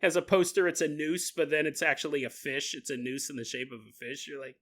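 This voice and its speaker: A man hosting a podcast, riffing in a comedic monologue, laughing often and acting out quick voices. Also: on the high side, fairly bright tone. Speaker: podcast host.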